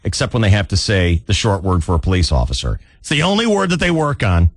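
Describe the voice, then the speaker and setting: A man hosting a radio show, chatting casually and telling stories in a wry way with animated asides. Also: sits low, fast, no room sound, clean studio sound. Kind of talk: casual morning-show banter.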